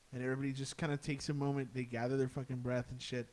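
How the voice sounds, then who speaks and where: A man's voice: mid-range voice, level tone, rapid-fire, a little mellow. A young man casually telling a ghost story on a podcast, swearing freely and peppering his speech with "dude" and "like". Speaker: podcast guest.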